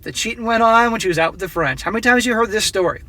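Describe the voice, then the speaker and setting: Man, high-pitched voice, blunt, opinionated, reads a story and comments on it. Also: rapid-fire, bright, forceful tone, dry recording. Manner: blunt, opinionated, addresses viewers directly. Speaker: relationship advice commentator. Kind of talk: reading a story aloud with commentary.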